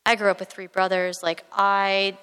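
A woman's voice: medium pitch, monotone, moderate pace, a bit bright, clean tone, big-room sound. Candid woman sharing her recovery story. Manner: candid, rambling, many filler words. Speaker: recovery speaker and addiction therapist.

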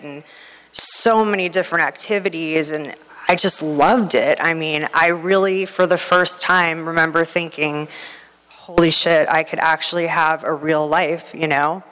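A woman's voice: low-pitched, a bit bright. A woman giving a candid, rambling personal testimony at a recovery meeting, full of fillers. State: nervous, near tears. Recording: reverberant hall.

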